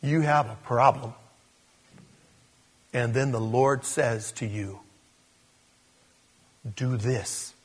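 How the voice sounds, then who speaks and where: A man preaching a sermon in an animated storytelling style, acting out the scenes he tells. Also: medium pitch, takes it slowly, pauses often, breathy edge, long reverb tail.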